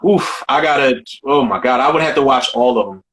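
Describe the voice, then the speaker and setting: A man co-hosting a casual film podcast, talking in an animated, profane way and repeating himself as he riffs. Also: mid-range voice, a little fast. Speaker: podcast co-host.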